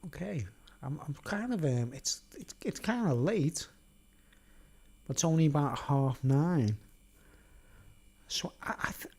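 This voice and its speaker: Guy, slow and rambling, unscripted home-mic chat, jokey, halting. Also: a little high, animated, darkish tone, husky. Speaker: solo vlogger and musician. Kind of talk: unrehearsed rambling monologue. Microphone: desk microphone with headphones.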